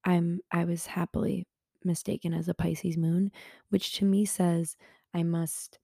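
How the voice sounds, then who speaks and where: A young woman hosting a casual solo podcast from her bedroom at home, rambling and self-mocking, often dropping to a hushed whisper. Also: on the low side, level tone, measured pace, vocal fry, breathy edge, no room sound, clean studio sound. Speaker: podcast host.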